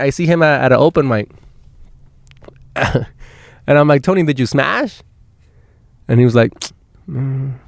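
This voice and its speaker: Male podcast host, mid-pitched, casual and profane, recorded dry in a van. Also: no echo. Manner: rambling, swears a lot, many restarts. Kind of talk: casual storytelling. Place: inside a van.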